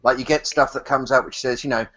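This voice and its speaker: A man's voice: medium pitch, steady tone, fast, a bit bright. Guy rambling on a call, repeats himself, muffled sound. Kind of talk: casual group chat. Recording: dull lo-fi online call.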